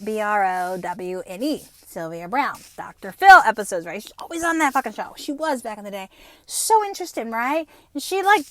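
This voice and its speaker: A woman in her fifties hosts a solo podcast chat, swearing freely and telling stories with lots of laughter. Her voice sits a little high and swoops up and down a lot. The sound is dry and close. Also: no room sound. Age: 50s. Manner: profane, animated storytelling with laughs. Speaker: podcast host.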